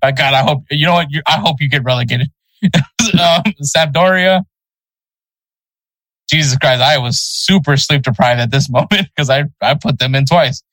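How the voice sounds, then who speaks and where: A man's voice: on the high side, normal speed, fairly bright tone, no room sound, poor audio. A man co-hosting a casual sports podcast, loose and chatty, laughing at his own pronunciation slips. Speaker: podcast co-host.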